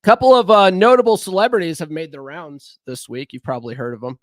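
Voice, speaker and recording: A man's voice: a little high, fast talker, no echo, studio quality. A man hosting a casual livestream, rambling and conversational, recovering from a cold. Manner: rambling, conversational, frequent fillers and restarts. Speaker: livestream host.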